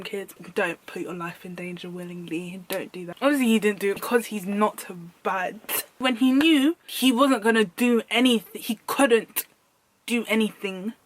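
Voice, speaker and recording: With a mid-range voice, a young woman from the UK vlogs a storytime, animated and full of slang. She drives points home by repeating lines. Slight background noise can be heard.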